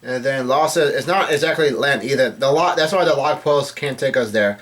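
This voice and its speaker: At a moderate pace, a man with a medium-pitched, fairly bright voice reads through a comic chapter informally. Quoted lines come out in his plain speaking voice, and he regularly corrects himself mid-sentence.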